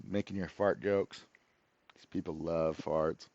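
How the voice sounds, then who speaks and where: A man's voice: sits low, steady tone, slow, darkish tone, dry recording, highs cut off. A man ranting to the camera as host of his own channel, profane, sarcastic and exasperated.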